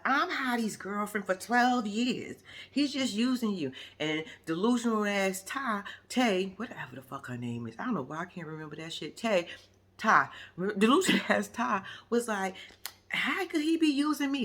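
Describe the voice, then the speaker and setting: A woman vlogger talks straight to her viewers in a blunt, profane rant. She keeps firing off rhetorical questions. Her voice sits at an ordinary middle pitch. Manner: animated, addresses the audience directly. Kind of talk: reality show reaction commentary.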